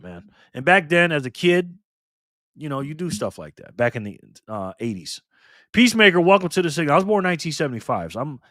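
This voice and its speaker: A man's voice: medium pitch, fairly bright tone, dry recording, clean studio sound. A man in his fifties hosting a live stream, chatting casually with viewers and reading their comments aloud in loose, streetwise talk. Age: 50s.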